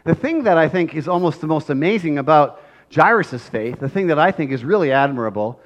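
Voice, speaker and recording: A male pastor giving a conversational, animated sermon, often checking in with tag questions and acting out scenes. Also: a little high.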